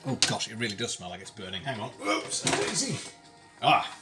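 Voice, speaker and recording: Over music, a British man with a fairly low voice talks at a normal speed, his pitch swinging widely. He's live streaming from his home kitchen, cooking and chatting casually with wry humor, tangents, and dry remarks.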